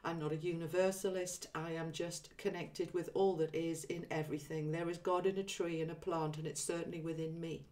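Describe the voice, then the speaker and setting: A woman's voice: low-pitched, a little fast, hardly any pauses, recorded from a distance. A woman hosting a spiritual livestream, chatting casually, saying um often and reading viewer comments aloud. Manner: relaxed, chatty, many ums, reads viewer comments aloud. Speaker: livestream host.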